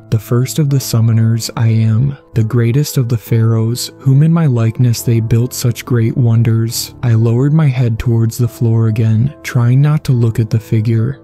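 Male horror narrator, somber and measured, very dark timbre, monotone. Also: mid-range voice. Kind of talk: scripted horror story narration.

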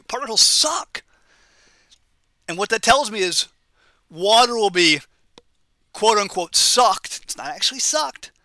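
Bright, high-voiced male biology teacher. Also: dry recording. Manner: conversational, checks in with "okay?" and "right?"; playful, uses memory tricks. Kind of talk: recorded lecture.

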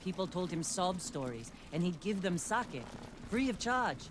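A woman's voice: on the low side, big pitch swings, normal speed, noisy background. An actress playing a shrewd woman sake brewer with a wry, urgent way of talking. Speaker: game character, sake seller. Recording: game audio with music behind.

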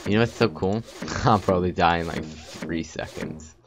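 A man giving let's play commentary, muttering and humming to himself as he plays, with sudden loud excited outbursts. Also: deep voice, moderate pace, background noise. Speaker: gaming video host.

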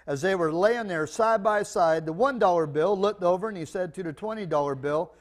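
Male pastor, high-voiced, animated storyteller mid-sermon in church. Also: a little fast. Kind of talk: sermon with humorous stories.

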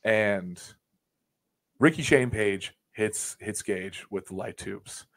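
Profane, animated male storyteller. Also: on the low side, slow, gravelly. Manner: animated storyteller, swears freely, acts out quotes. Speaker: wrestling videographer guest. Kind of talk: casual podcast storytelling.

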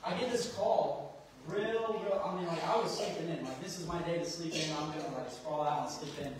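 A man's voice: on the high side, brisk, a loud crowd. Rambling young man in an echoey hall. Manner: rambling and chatty, many fillers and restarts. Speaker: speaker giving a church testimony. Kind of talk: informal spoken testimony to an audience. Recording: echoey hall, distant mic, faint hiss.

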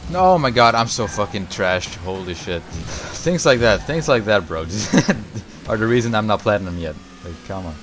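A young man commentating his own gameplay, excitable and foul-mouthed, shouting at big plays and griping about teammates. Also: lowish voice, normal speed, slight background noise. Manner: excitable, swears often, yells at big plays. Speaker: gaming YouTuber.

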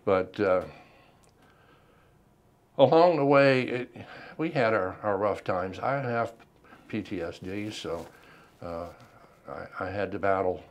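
An older man, a veteran, recounting his life in an oral history interview, unhurried and reflective with frequent pauses. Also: lowish voice.

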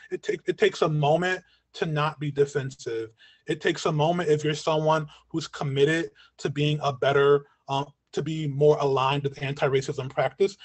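A man giving an online lecture as a community educator, earnest and talking in long chains of points, often checking in with a quick "right?", his voice getting worn. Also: fairly high pitch, dry recording. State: losing his voice. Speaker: community educator and guest speaker. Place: at home on a video call. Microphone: video call mic.

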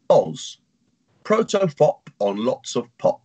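A man on a video call performing a comic poem, delivering it slowly and deliberately. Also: mid-range voice. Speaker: poet performing. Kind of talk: performance poetry reading. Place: home.

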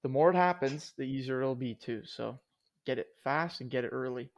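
A man's voice: medium pitch, moderate pace. Young man, podcast co-host, casual chat, joking, slangy. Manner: laid-back, joking, slangy.

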